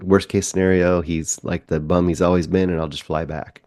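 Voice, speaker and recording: A man's voice: low voice, normal speed, few pauses, darkish tone, no echo, studio quality. A man on a film podcast casually recapping a movie plot in a rambling way, acting out bits of the characters' talk as he goes. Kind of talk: casual movie review chat.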